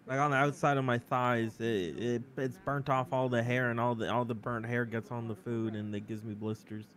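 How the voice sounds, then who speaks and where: A man playing an odd, defensive male fast-food worker who rambles and swears. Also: medium pitch, little pitch movement, a bit bright, natural voice. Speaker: employee being questioned.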